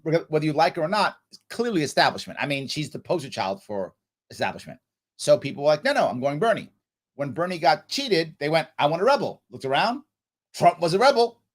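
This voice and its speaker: A man hosting a casual livestream Q&A, telling stories animatedly and acting out other people's voices. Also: fairly high pitch. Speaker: livestream host answering viewer questions.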